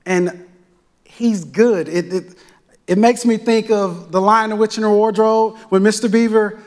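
A man's voice: high voice, fairly even intonation, measured pace, darkish tone. A male pastor preaching a sermon in a church sanctuary, with rhythmic, repetitive phrasing and call-and-response. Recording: echoey church hall.

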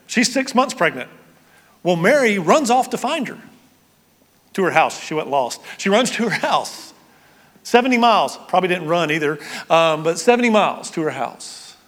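Man, pastor, sermon, higher voice, dynamic from loud to hushed, long hall reverb. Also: big pitch swings, moderate pace. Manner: dynamic preaching, swinging from loud exclamations to quiet, hushed emphasis.

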